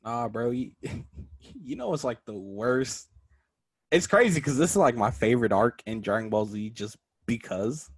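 A young man in casual chat, animated and acting out quotes, laughing often. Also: mid-range voice, unhurried, husky.

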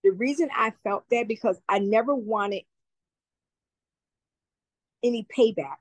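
A woman's voice: fairly high pitch, a little slow, rough recording. A woman speaking as a community advocate guest, giving heartfelt, emotional testimony and often repeating herself.

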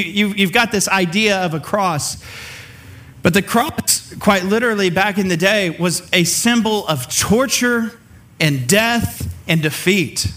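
A male pastor delivers a casual, conversational sermon. His voice sits high and sounds bright. He breaks into short acted bits of the figures in his story. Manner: conversational, acts out the figures he quotes.

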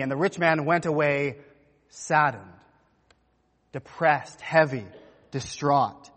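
A man's voice: a little high, measured pace, long reverb tail. A man preaching a sermon, telling the story vividly and acting out the quotes. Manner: animated storytelling, acts out quotes. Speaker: pastor.

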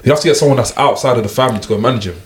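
A man's voice: mid-range voice, rapid-fire, noisy background. A man from Britain chatting emphatically in a podcast and saying "bro" a lot. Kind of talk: casual chat. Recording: echoey room.

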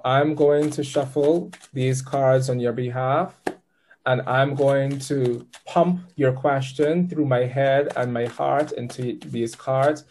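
Man, tarot reader mid-session, mellow warm tone, chatty and upbeat, walks the client through each step. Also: medium pitch, a little hiss or hum. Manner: upbeat, chatty, gives patient step-by-step directions. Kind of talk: live tarot reading session.

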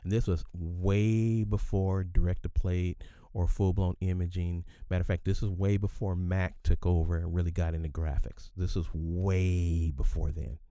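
A man's voice: sits low, fairly even intonation, moderate pace, hardly any pauses, mellow, no room sound, studio quality. A man in his fifties telling a casual work story as a podcast host, chatty and often checking in with his listeners.

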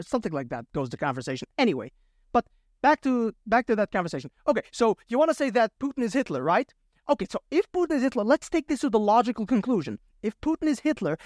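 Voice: mid-range voice, no echo, studio quality. A podcast host giving a solo political commentary rant, exasperated and sarcastic, firing off rhetorical questions to mock the other side. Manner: mocks opponents with quick rhetorical questions.

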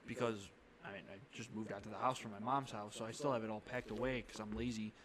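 A young man co-hosts a podcast, chatting casually and rambling with plenty of fillers and restarts. His voice is on the low side with a steady tone, he talks fast, and a crowd can be heard behind him.

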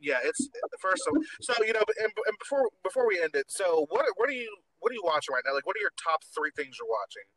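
A man's voice: high-pitched, very animated, fast, few pauses, fairly bright tone, poor audio. A man hosting a podcast in casual chat, campy and gossipy, swearing freely. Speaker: podcast host.

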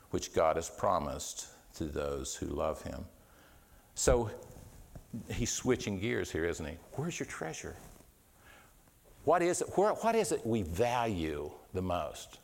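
A middle-aged man preaching a sermon in an earnest way, often repeating words and restarting, his voice swinging between quiet and raised. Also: on the low side, creaky. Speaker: pastor.

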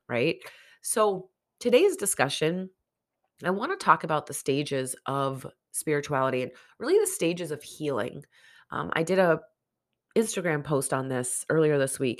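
A woman podcast host, under the weather and nasal, giving candid, encouraging self-help talk in a casual solo monologue. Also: low-pitched.

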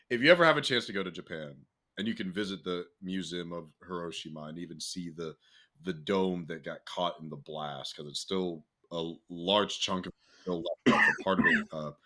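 A young man co-hosting a podcast in casual, animated chat, acting out quotes with exaggerated voices. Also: low-pitched. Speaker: podcast co-host.

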